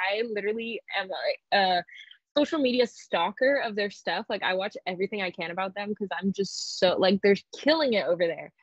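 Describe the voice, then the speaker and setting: A woman's voice: mid-range voice, no room sound, lo-fi sound. A nineteen-year-old woman from Arizona, a pro wrestler talking as an interview guest in a bubbly, rambling way full of "like". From Phoenix, Arizona, US. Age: young adult, 19. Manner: bubbly, rambling, heavy use of "like". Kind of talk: casual interview chat.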